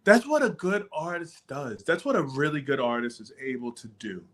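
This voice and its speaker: Brief: male co-host, steady explainer, somewhat high voice, casual chat. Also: normal speed. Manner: steady, explaining, backchannels often.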